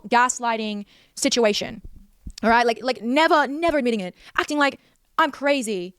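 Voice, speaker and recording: A woman's voice: a little high, fairly quick, fairly bright tone, smooth, no echo. A young woman giving an intense, emotional personal account with heavy swearing. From Australia. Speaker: creator telling her story in a clip.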